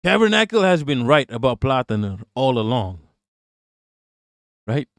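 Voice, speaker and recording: A man doing loose political talk on a live stream and reading out chat as he goes. He is blunt and profane, and he laughs often and repeats himself. His voice sits at a middle pitch and sounds dry and close to the mic. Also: big pitch swings, unhurried, fairly bright tone, dry recording.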